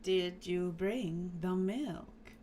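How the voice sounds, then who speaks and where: A woman's voice: fairly low pitch, very slow, mellow, slight background noise, pitched below the performer's own voice. A woman voicing a smug, nagging middle-aged British mother in a game. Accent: put-on British.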